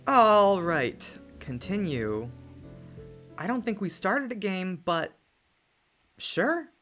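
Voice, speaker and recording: Streamer for a game stream: unhurried, chatty, bursts of excitement, low lo-fi music behind. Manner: chatty, jumps between excited exclamations and mumbled asides. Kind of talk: live game stream commentary. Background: faint lo-fi music.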